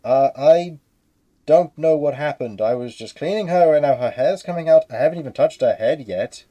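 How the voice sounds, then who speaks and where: A man voicing a flustered male cleaner who talks loudly and defensively, sounding panicked. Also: fairly high pitch, expressive, normal speed, no room sound, lightly acted.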